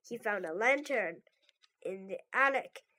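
A woman hosting a children's English story show, reading a storybook aloud in a cheerful, clear way. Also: mid-range voice, animated, a little slow, sharp tone.

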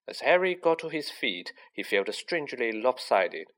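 A man reading a children's fantasy novel aloud with slow, lively storybook narration. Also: mid-range voice. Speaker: audiobook reader.

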